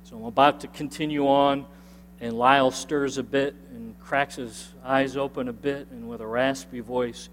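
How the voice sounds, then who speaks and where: A male pastor preaching a sermon, telling a personal story in an earnest, emphatic way that climbs higher at the key points. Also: steady tone, normal speed, slight background noise. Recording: long reverb of a large hall.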